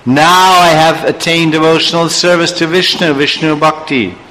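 A man's voice: a little high, fairly even intonation, moderate pace, bright, forceful tone, big-room sound, slight background noise, pitched above the performer's own voice, low-quality recording. A man voicing a serene divine lord in a sermon story, solemn and wondering. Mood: exalted.

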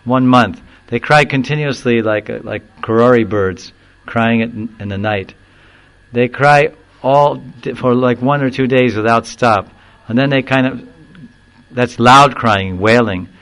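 A man delivering a spiritual talk at a mid-range pitch. He explains scripture, then slips into lively storytelling, mimicking the characters with a chuckle here and there. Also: rough recording. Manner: animated storyteller who acts out quoted voices and chuckles; recites Sanskrit verse slowly, then explains it. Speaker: spiritual teacher. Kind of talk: devotional discourse with storytelling.

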